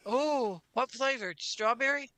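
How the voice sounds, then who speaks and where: Woman, bright voice, dry close sound, easygoing casual chat. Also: a little high, a little slow, dry recording. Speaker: podcast co-host.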